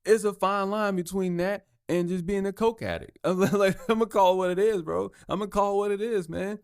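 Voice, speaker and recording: A man's voice: high voice, fairly even intonation, fairly quick, smooth, dry recording. Male podcast host, solo rant: heated, swears a lot, trips over words, dry close sound. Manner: heated, profane, stumbles and repeats himself.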